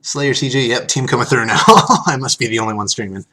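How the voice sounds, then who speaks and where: A man's voice: mid-range voice, quick pace, bright, forceful tone. A man casually chatting on a live stream, reading card text aloud and thanking viewers as he opens packs.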